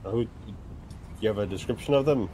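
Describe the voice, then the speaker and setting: A man role-playing a police officer in a game, asking questions calmly and steadily. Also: lowish voice, brisk, a little hiss or hum, low-quality recording. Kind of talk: in-character game role-play.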